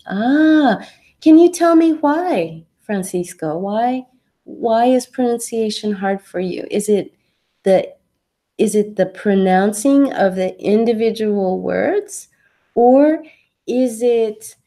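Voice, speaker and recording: A woman's voice: medium pitch, warm tone. A woman English teacher giving an online lesson, patiently answering a student's question step by step with examples.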